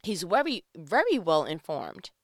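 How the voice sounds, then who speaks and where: A woman preaching a sermon, emphatic and conversational, asking rhetorical questions and swinging between loud calls and hushed tones. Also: on the low side, very animated, measured pace, no echo, studio quality.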